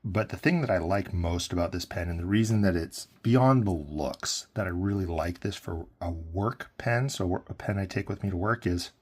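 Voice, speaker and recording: A man's voice: low-pitched, moderate pace, few pauses, darkish tone, slight background noise. A man giving a casual, rambling pen review, full of fillers and self-corrections.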